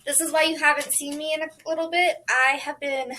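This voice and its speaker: A young woman chatting casually to camera as a book vlogger, bubbly and excitable, full of "like" and "um". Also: high voice, brisk, background noise.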